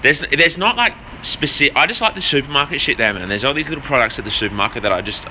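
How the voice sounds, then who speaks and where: A man from Jordan chatting casually and profanely on a phone livestream, out of breath and rambling as he shouts out viewers by name. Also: medium pitch, animated, fast talker, a little hiss or hum. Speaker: vlogger answering live chat. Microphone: phone held at arm's length.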